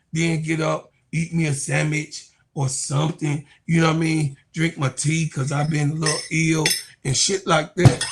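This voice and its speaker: Fifties male sports vlogger, high voice, loose profane rant. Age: 50s. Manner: animated, profane, keeps repeating "you know what I'm saying". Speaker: sports YouTube commentator. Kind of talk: casual rant to viewers.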